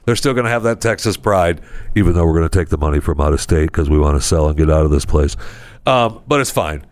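Man, podcast host, casual comedic rant, sarcastic, rambling, smooth clear voice, studio mic. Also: animated, quick pace. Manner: rambling, sarcastic, acts out people in high voices. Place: recording studio.

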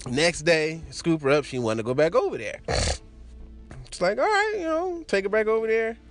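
A young man tells a crude story in a casual, loose way. His voice sits a little high and swings widely in pitch as he laughs and acts out what others said. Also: fairly bright tone.

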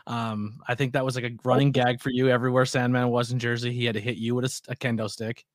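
A man's voice: mid-range voice, little pitch movement, fast, no echo, clean studio sound. A man hosting a podcast, asking questions in casual, chatty conversation. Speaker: podcast host. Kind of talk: casual interview chat.

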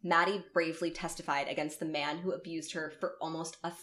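Low-voiced woman narrating, blunt and sweary. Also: level tone, a little fast, fairly bright tone, slight background noise. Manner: reads the story aloud, breaks in with blunt swearing. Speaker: podcast co-host. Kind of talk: narrating a true story in casual chat.

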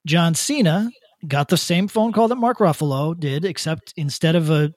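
A man co-hosting a podcast, ranting bluntly with swearing and halting restarts. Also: fairly high pitch, darkish tone, no echo. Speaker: podcast co-host. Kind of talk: casual opinion rant.

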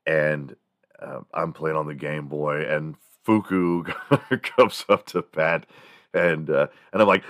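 A man's voice: a bass voice, steady tone, unhurried, fairly bright tone, dry recording, clean studio sound. A man in his forties, from Texas, hosting a morning show and telling rambling, profane childhood stories with laughs of his own. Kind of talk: casual comedic storytelling.

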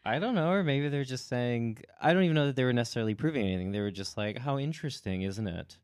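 A man casually retelling a story in a rambling, animated way, slipping into quick voiced asides. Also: medium pitch, clear, resonant tone, no echo, clean studio sound.

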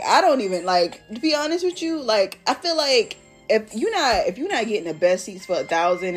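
A young woman hosting a casual solo podcast, chatting in a slangy, rambling way with lots of "like", and feeling emotional today. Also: lowish voice. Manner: slangy and rambling, heavy use of "like". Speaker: podcast host.

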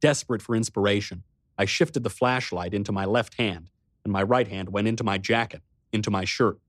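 A man narrating an audiobook in the first person, steady and measured. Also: on the low side, no room sound, clean studio sound.

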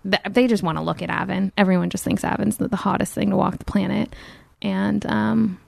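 A young woman chatting casually as a podcast co-host, animated and quick to laugh. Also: medium pitch, creaky, dry recording. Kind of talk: casual chat. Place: home, recorded remotely.

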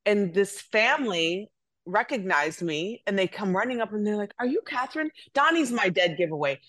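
A woman guest in casual chat, telling stories in a chatty, animated way with frequent restarts. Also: mid-range voice, moderate pace.

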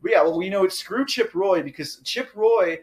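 A man's voice: high-pitched, expressive, normal speed. A man from Texas, hosting a live political commentary show in a fired-up, ranting way, often tossing in "okay?" and "guys".

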